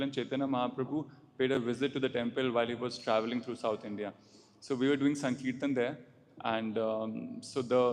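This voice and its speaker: A man casually telling a story from a pilgrimage, pausing often with fillers. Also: mid-range voice. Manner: halting, with fillers. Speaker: devotee sharing a story. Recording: hall reverb with faint noise.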